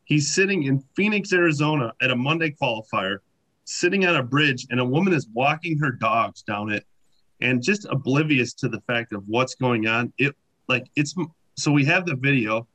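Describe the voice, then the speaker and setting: Bright-sounding guy rambling through funny stories, lots of likes and ums. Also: mid-range voice, moderate pace. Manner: animated anecdotes, many fillers. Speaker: podcast guest. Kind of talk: casual storytelling.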